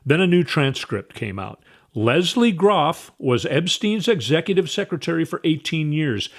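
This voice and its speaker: A man's voice: a little high, very animated, normal speed. A man hosting a commentary show, reading news aloud in a casual, emphatic way and repeating words for stress. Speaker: host.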